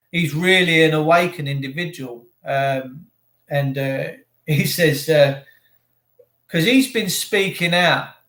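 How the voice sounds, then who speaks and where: A man's voice: a little high, fairly bright tone. A man hosting a livestream, talking in a rambling, sarcastic and opinionated way and chatting to his viewers. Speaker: livestream host. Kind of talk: rambling ranting monologue. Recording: roomy echo.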